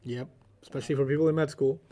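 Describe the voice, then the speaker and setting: A man's voice: medium pitch, steady tone, racing, warm tone. A man teaching Arabic vocabulary in a casual class, quizzing students and telling humorous stories.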